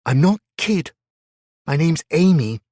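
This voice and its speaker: A shy little girl of about ten with a small, tearful voice that rises high and bright above the storyteller's usual tone, as a man puts her on. She can turn stubborn when she is talked down to. The recording is dry and close. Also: expressive, slow pace, breathy edge, no room sound, heavily acted.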